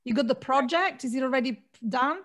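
A woman's voice: high-pitched, a little fast, fairly bright tone. A woman hosting an online storytelling event, effusive and openly emotional as she praises and introduces the speakers over a video call. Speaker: event host, co-founder.

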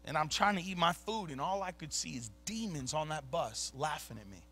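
A man preaching a sermon, telling stories in casual slang and swinging from low mutters to loud bursts. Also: lively intonation, fairly quick, few pauses. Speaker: pastor. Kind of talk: sermon storytelling. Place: church sanctuary.

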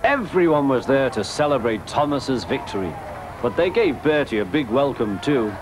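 A man narrating a children's storybook in a lively, expressive, confiding way. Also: mid-range voice, normal speed, noisy background. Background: loud music.

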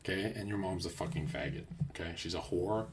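A brash young man livestreaming in a casual, crude rant that swings from loud outbursts to low mutters. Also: a little fast.

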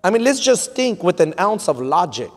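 A man in his thirties with a Texan accent, preaching a sermon as pastor, swinging from quiet storytelling to loud peaks and slipping Spanish phrases into English. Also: high voice, sing-song, moderate pace. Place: large church sanctuary. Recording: long hall reverb.

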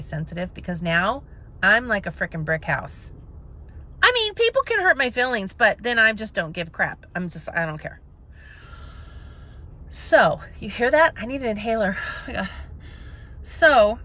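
Bright-voiced chatty woman vlogger. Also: fairly high pitch. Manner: chatty, animated, self-mocking, swings between hushed and loud. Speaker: vlogger, makeup seller. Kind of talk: casual storytelling to camera.

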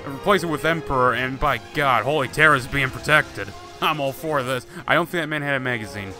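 Man, gaming commentary, sarcastic, swears, mid pitch, game music behind. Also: fairly quick. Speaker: gaming YouTuber. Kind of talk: casual let's play commentary.

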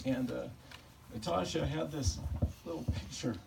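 A man giving a personal eulogy for a family member, telling fond stories in a halting way and often chuckling. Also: on the high side, creaky. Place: memorial service gathering. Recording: distant mic with background noise.

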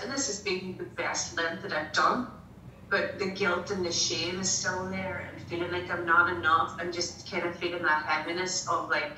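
A woman's voice: fairly low pitch, fairly even intonation, normal speed, bright, forceful tone, roomy sound, distant mic, a little hiss or hum, rough recording. A woman guest in a casual faith discussion, speaking candidly and emotionally.

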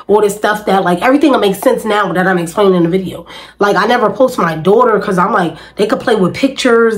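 A woman's voice: medium pitch, poor audio. A woman vlogger, venting emphatically and repetitively in casual talk to camera.

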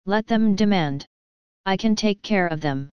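A woman's voice: medium pitch, measured pace, smooth, dry recording, natural voice. A woman reading an imperious scolding queen. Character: domineering bossy comic queen. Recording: dry, slightly dull lo-fi.

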